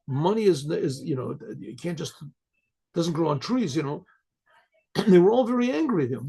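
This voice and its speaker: An older man, a rabbi, telling a story to listeners, often clearing his throat and acting out the voices of the people in it. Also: high voice, animated, normal speed, warm tone. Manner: frequent throat clearing, acts out quoted voices. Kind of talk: storytelling talk.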